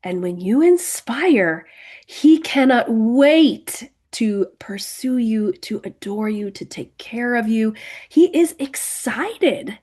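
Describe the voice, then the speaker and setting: A woman's voice: fairly high pitch, animated, a little mellow. Emphatic woman coaching on marriage. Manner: emphatic, repeats "okay" and "do you see it", slows to stress words. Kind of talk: direct-to-camera coaching talk.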